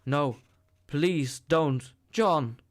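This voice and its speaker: Breathy, pleading young woman, higher voice, slow as a male reader puts her on. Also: big pitch swings, fairly bright tone, heavily acted. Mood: frightened.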